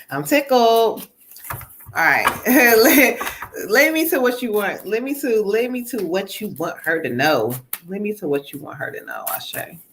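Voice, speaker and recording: A woman's voice: mid-range voice, very animated, measured pace, noisy background. A woman hosting a live-stream card reading as a psychic medium, chatty, laughing often and calling her viewers "child" and "y'all.".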